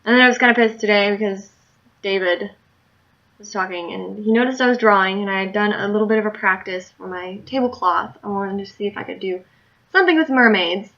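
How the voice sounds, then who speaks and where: A woman's voice: mid-range voice, fairly quick. A tired woman telling a story in a candid, rambling video diary. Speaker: video diarist. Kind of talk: casual diary vlog. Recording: muffled lo-fi recording.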